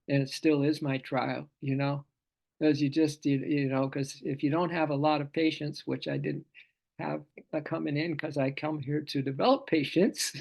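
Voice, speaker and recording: A man teaching a live scripture study class in a loose, playful way, laughing often and repeating phrases. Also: a little high.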